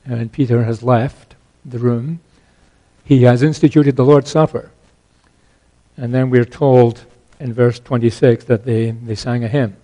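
Mellow-voiced man preaching a sermon. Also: mid-range voice, poor audio. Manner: earnest expository preaching, rising to emphatic stresses. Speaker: pastor.

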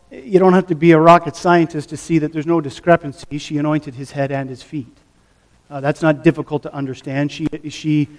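Man, middle-aged pastor, fairly high voice, teaching sermon, questions to listeners. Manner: teaching, asks the audience questions.

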